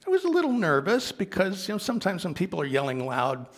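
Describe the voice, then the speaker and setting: A minister telling a gentle anecdote in a sermon, quoting the people he met along the way. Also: high-pitched, wildly swooping pitch, fast talker. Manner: gentle anecdotal storytelling with quoted dialogue. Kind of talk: storytelling sermon.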